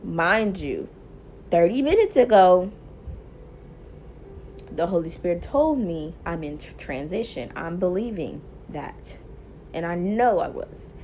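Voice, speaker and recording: A young woman vlogger telling a personal story casually to camera, animated and laughing often, quoting herself loudly. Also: lowish voice, takes it slowly, long pauses, slight background noise. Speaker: mom vlogger.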